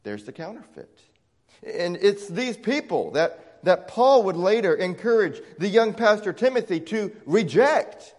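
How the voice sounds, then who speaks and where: A man's voice: high voice, big pitch swings, a little slow, darkish tone. A man with a Southern American accent, preaching an emphatic sermon as a pastor. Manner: emphatic preaching, voicing imagined objectors. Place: church sanctuary. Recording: long church reverb.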